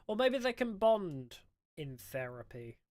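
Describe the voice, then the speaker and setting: A woman's voice: medium pitch, sing-song, unhurried, darkish tone. A woman streamer giving sarcastic, joking commentary while playing a horror game. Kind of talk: let's-play commentary.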